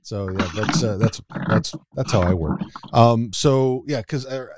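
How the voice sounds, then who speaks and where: A man's voice: medium pitch, a little slow, very noisy. A man from Texas with a light Texan drawl, chatting casually on a podcast, hesitant with many restarts. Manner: hesitant, many restarts and fillers, laughs a lot.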